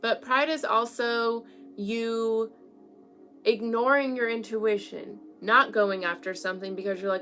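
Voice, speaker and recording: A woman's voice: on the high side, fairly even intonation, unhurried, a bit bright. A young woman giving a casual tarot reading at home, chatty and frank, often checking in with her listeners. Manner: chatty, keeps checking in with "okay?". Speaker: tarot reader. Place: home room with an altar.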